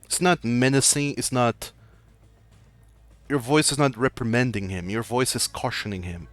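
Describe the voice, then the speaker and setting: A man's voice: medium pitch, moderate pace, a bit bright, no echo, soft background music. A man acting as game master, narrating a tabletop game in a loose, descriptive way. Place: home streaming setup.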